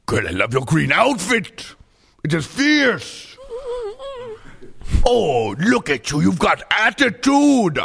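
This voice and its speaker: A man voicing a flamboyant, self-absorbed nightclub diva in a comedy sketch, with a campy, theatrical, sassy delivery and sudden loud outbursts. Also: sits high, huge pitch swings, slow pace, gravelly, long pauses, a little hiss or hum, pitched above the performer's own voice, full character voice. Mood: gushing. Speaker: comedy podcast host.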